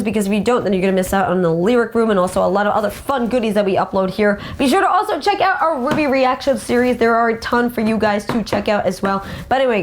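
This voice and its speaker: A young adult woman hosting a casual fan show about song lyrics, talking with animated enthusiasm. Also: mid-range voice. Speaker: host.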